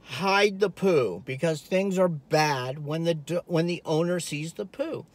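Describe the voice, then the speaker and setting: Man giving voice to a bewildered, eager house dog, higher-pitched, earnest. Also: measured pace. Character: confused eager house dog, anxious to please.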